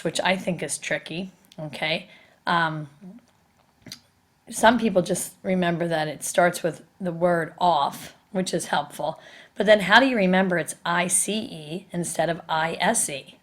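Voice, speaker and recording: A woman's voice: lowish voice, measured pace. A woman teaching a recorded spelling lesson, explaining each step patiently and asking her students questions.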